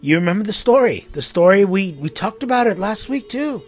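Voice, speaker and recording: A man's voice: sits high, expressive, a little fast, soft background music. A man giving a reflective sermon in a conversational way, with asides and restarts. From Armenian community in the US. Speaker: pastor.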